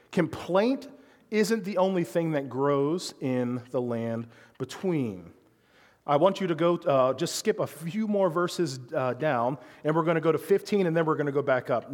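A man's voice: on the high side, lively intonation, normal speed, long reverb tail. A man giving a sermon as a pastor, speaking conversationally and asking his listeners frequent rhetorical questions.

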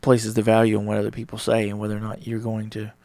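Podcast host, male, gravelly with heavy fry, casual and rambling, dry close sound. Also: fairly low pitch, completely flat delivery, fast talker, a little mellow, no room sound. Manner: rambling, conversational, acts out little dialogues. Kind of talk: casual solo talk on relationships.

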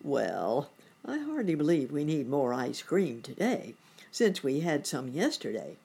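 A woman voicing a kindly, fussy old gentleman rabbit in a storybook reading. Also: low-pitched, huge pitch swings, measured pace, gravelly, husky, heavily acted.

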